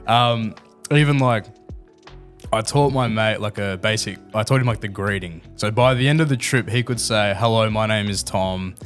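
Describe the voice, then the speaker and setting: Australian man, low voice, laid-back, slangy storyteller, faint music. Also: normal speed. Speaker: podcast guest. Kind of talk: casual storytelling chat.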